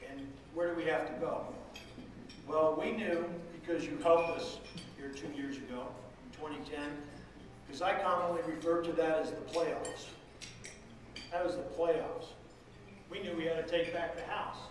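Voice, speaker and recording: A man's voice: a little high, steady tone, moderate pace, a little hiss or hum. Rousing man speaking in an echoey hall. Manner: folksy, rousing oratory. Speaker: state legislative leader. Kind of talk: political rally speech. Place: large room at a political event. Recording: echoey hall, far from the mic.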